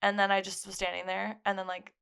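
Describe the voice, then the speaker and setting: A young woman with a gravelly, creaky edge retells a story in a casual podcast chat. Her voice sits in a middle pitch range, and she scatters "like" through her sentences as she narrates. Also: monotone, quick pace, fairly bright tone. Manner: storytelling with frequent "like" fillers. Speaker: podcast co-host.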